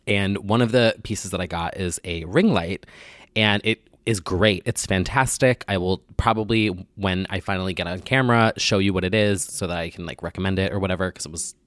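Low, slightly nasal podcast host. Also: male voice, fairly quick, a bit bright, dry recording. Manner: rambling, joking, crude. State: getting over a sinus infection. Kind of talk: casual solo podcast chat.

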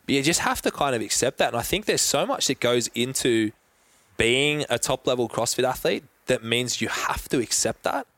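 A man's voice: medium pitch, animated, moderate pace, fairly bright tone, no echo. A young Australian man talks easily in a podcast chat, stringing thoughts together in long loose runs and dropping swear words without a second thought. His voice sits in an ordinary middle register, and the sound is dry and close, with no room around it. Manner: laid-back, swears freely, talks in long run-on thoughts. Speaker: guest athlete.

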